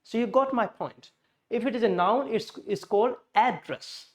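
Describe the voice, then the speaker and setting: In a very high, slightly mellow voice at normal speed, a man teaches pronunciation to a class. The English teacher explains each step, glosses terms in Hindi, and corrects himself along the way.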